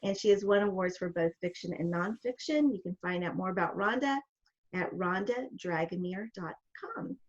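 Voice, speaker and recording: A woman's voice: lowish voice, moderate pace, lo-fi sound. A woman with a regional American accent, co-hosting a video chat and introducing guests in an enthusiastic, chatty way that drifts off topic. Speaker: podcast co-host.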